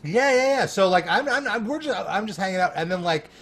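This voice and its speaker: A man guesting on a podcast, telling an animated story with laughter and lots of "like" fillers. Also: high-pitched, fairly quick. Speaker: guest, music journalist.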